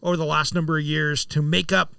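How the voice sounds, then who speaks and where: A man's voice: a little high, level tone, vocal fry, bright, forceful tone, clean tone, no room sound, distant mic. A man hosting a home improvement radio show from the studio, chatting in an upbeat, casual way. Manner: upbeat, chatty, quick to laugh.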